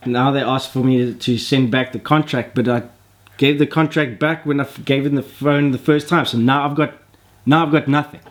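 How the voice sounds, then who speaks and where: A man's voice: medium pitch, steady tone, normal speed. Fed-up man ranting. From South Africa. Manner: exasperated, swears, acts out quoted dialogue. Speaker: vlogger. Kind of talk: ranting complaint story.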